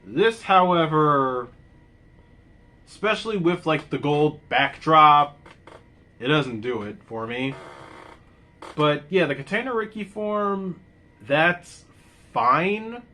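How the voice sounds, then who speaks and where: A man casually reviewing a show, rambling and laughing, with loud excited outbursts. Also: on the high side, slow, long pauses. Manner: rambling, laughs often, exclaims loudly.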